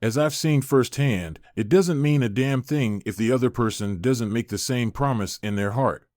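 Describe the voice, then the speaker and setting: A man narrating a first-person relationship story in an earnest, measured way. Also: medium pitch, darkish tone, no echo, clean studio sound.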